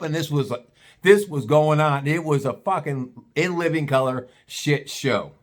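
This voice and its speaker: Guy telling a wild story, kinda high voice, swears a lot, casual. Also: a little slow. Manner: animated, profane, conversational.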